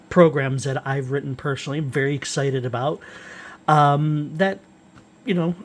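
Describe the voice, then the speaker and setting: A man walking through software tools he wrote, unscripted and halting, with frequent fillers and restarts. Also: a little high. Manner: rambling, halting, with many uhs and restarts. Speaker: software developer presenting his utilities. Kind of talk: unscripted screen-recorded software walkthrough.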